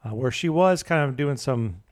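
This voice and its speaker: A man's voice: medium pitch, animated, darkish tone. Man rambling through a history story. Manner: halting storytelling with many fillers. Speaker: podcast co-host telling a history story. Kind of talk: casual chat.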